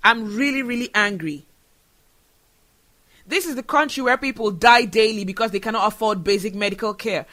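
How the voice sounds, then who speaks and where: Earnest man, high bright voice. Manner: earnest and emotional. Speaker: show host. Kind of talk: solo podcast commentary.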